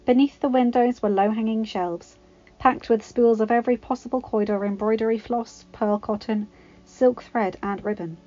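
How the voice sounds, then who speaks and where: A woman reading a fanfiction story aloud in a plain, steady narration. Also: on the high side, normal speed. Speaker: fanfiction reader. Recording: slightly dull lo-fi recording.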